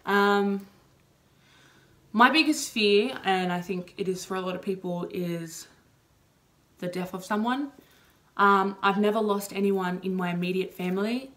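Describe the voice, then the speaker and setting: A woman's voice: medium pitch, measured pace, pauses often, fairly bright tone. A young woman answering personal questions in a casual, open video chat, full of "like" and "you know". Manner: chatty, heavy on "like" and "you know" fillers; open and emotional. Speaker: vlogger.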